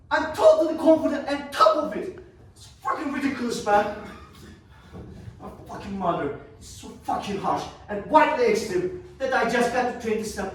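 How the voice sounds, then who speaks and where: An actor plays a cocky, rattled young man with a high voice, swearing and rambling restlessly through a theatrical monologue as he rants about family. The room is very echoey, and the mic is placed far off.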